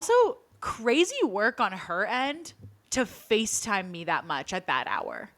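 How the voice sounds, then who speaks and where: This young woman has a bright, forceful voice and tells a story animatedly in a casual podcast chat. She acts out the quotes of everyone in the story as she goes. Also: medium pitch, a little slow. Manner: animated retelling with acted-out quotes. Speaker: podcast co-host.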